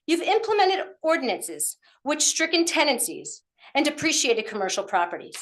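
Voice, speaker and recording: A woman's voice: fairly high pitch, a bit bright. A woman, out of breath, giving a pointed public comment at a township meeting and firing off rhetorical questions. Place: council meeting room.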